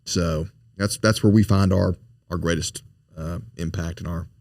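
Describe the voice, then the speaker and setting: A man's voice: sits low, fairly even intonation, unhurried, creaky, darkish tone, dry recording, studio quality. A man, a foundation president, speaking as a podcast guest in an earnest, storytelling way, often repeating and restarting his words. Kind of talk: conversational interview storytelling.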